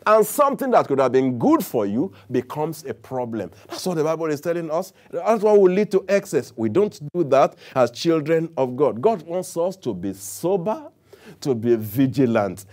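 A man's voice: on the high side, normal speed. A man preaching a sermon, calling on the congregation to answer and repeat after him. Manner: animated preaching with audience call-and-response.

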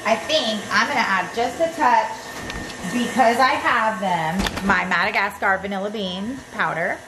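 A woman with a medium-pitched, slightly slow voice hosts a casual cooking demonstration, chatting playfully and speaking directly to the viewer. The room is echoey, the mic sits at a distance, and a steady hum runs underneath.

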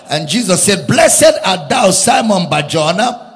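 Male preacher, high and animated, sing-song emphatic sermon in an echoing hall. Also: unhurried, faint music behind. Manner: emphatic, repeats lines, rises into sung preaching cadence.

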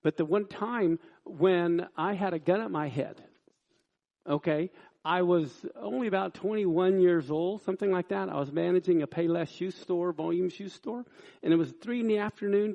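A man preaching a sermon, reading scripture and telling a personal story in an animated way, acting out the people in it. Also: high voice, vocal fry. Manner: animated storyteller, acts out quoted lines loudly. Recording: dull lo-fi sound.

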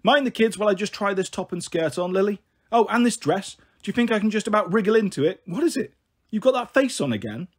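A man's voice: high voice, lively intonation, fast talker, husky. A man doing a brash, bantering mum. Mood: breezy. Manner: loud, sharp, bantering. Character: brash, careless young mother, teasing and scolding. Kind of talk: audiobook reading.

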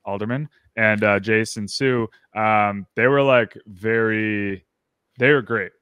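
A man's voice: lowish voice, fairly even intonation, takes it slowly, a bit bright, clear, resonant tone, no room sound, highs cut off. A man hosting a podcast interview, upbeat and rambling, full of fillers and restarts. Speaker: podcast host. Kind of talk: casual interview chat.

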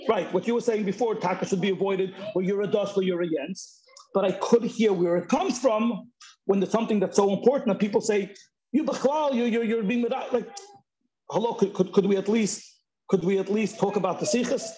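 A middle-aged man on a video call, speaking in a casual, halting way with many restarts and Yiddish and Hebrew terms mixed in. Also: sits high, mellow, rough recording. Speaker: Zoom discussion participant. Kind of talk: casual chat.

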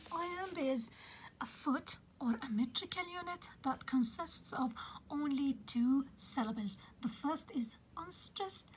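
A woman with a high voice lectures on poetry in a breathy, half-whispered voice. She explains slowly and patiently, repeating key terms, filling pauses with "okay" and correcting herself as she goes. A faint hiss sits under the recording. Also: lively intonation, poor audio. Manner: corrects herself mid-sentence. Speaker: teacher.

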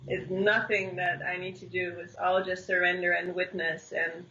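A young woman from the Netherlands, telling a personal story as an interview guest in an animated, rambling way full of "like" and restarts. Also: lowish voice, moderate pace, muffled recording, a little hiss or hum. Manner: animated, heavy use of "like" and restarts. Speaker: interview guest, singer-songwriter. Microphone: online video call.

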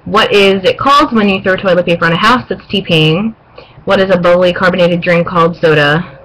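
A woman's voice: on the low side, brisk, fairly bright tone, poor audio. A young woman from the eastern United States, tired late at night, chatting casually in a vlog and reading a word list, with lots of ums. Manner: chatty with frequent um fillers. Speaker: vlogger.

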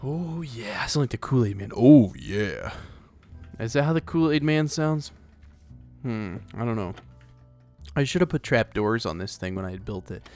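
A man's voice: medium pitch, animated, normal speed, soft background music. A man hosting a let's play, chatting casually and rambling as he plays, often talking to the animals in the game. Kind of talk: casual gameplay commentary.

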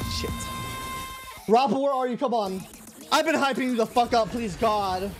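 A young man, a gaming streamer, reacting frantically and loudly to game pulls, pleading and swearing. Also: extremely high pitch, moderate pace, music in the background.

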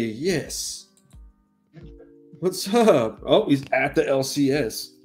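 A man's voice: medium pitch, big pitch swings, extremely slow, long pauses, darkish tone, breathy edge, soft background music. Easygoing male livestream host. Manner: easygoing, greets viewers. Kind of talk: casual chat.

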